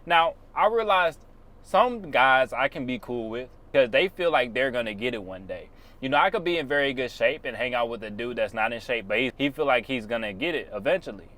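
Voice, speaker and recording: A man's voice: mid-range voice, animated, a little fast, a bit bright. A man on his own channel giving blunt, preachy motivational advice in casual, slangy speech. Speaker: YouTuber.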